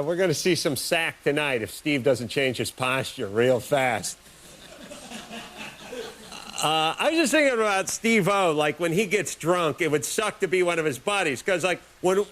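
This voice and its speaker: Guy with a highish voice doing a sarcastic rambling late night monologue. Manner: sarcastic, rambling, deadpan jokes. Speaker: late-night talk show host. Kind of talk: comic monologue.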